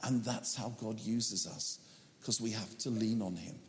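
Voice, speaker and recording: A man's voice: fairly low pitch, unhurried, reverberant, big-room sound, slight background noise. A man preaching a sermon as a pastor, telling a story earnestly and acting out the lines he once spoke. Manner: earnest storytelling, acts out his own quoted words.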